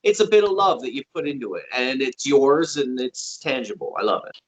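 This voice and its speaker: A man's voice: mid-range voice, sing-song, brisk, poor audio. A man with a Canadian accent co-hosting a casual video call chat, often ending with a questioning tag. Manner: chatty, tags sentences with "right?". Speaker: podcast co-host.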